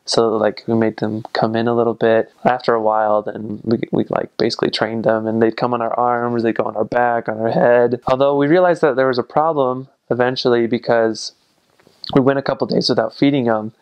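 American male vlogger, mid-range pitch, gravelly, rambly and easygoing. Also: little pitch movement, brisk, highs cut off. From United States. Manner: rambling, fills with "like" and "I don't know". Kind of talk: casual vlog talk.

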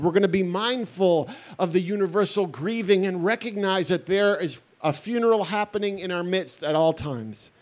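A man's voice: high voice, darkish tone. A middle-aged man, a pastor, giving an earnest, conversational festival talk with wry asides.

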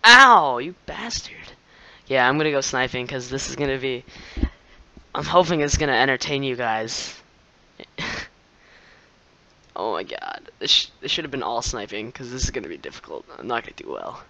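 Excitable young man commenting on a game. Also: mid-range voice, moderate pace, vocal fry, pauses often, rough recording. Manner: excitable, laughs often, shouts at opponents. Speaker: gameplay commentator. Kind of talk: live gameplay commentary.

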